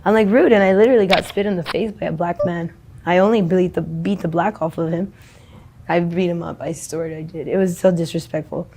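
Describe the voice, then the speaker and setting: A woman's voice: lowish voice, steady tone, a little fast, background noise. A woman speaking in a casual street interview, rambling and blunt, swearing freely.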